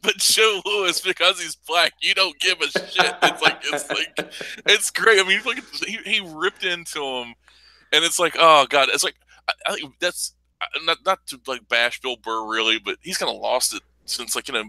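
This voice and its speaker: A man's voice: on the high side, normal speed, bright, forceful tone, no echo, poor audio. A man in casual podcast chat, rambling and profane, with lots of filler words.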